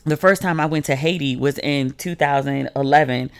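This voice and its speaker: A woman hosting a casual solo podcast, telling stories in a chatty way with lots of "like" and lively quoted voices. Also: moderate pace, clean tone, no room sound. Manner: chatty storytelling, heavy use of "like", swings pitch when quoting people. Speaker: podcast host.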